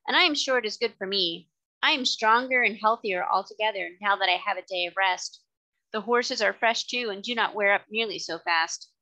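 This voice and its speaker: A woman's voice: medium pitch, sharp tone, lightly acted, low-quality recording. A woman reading the part of an earnest, devout middle-aged cabman in her own light voice, in a plain, respectful tone.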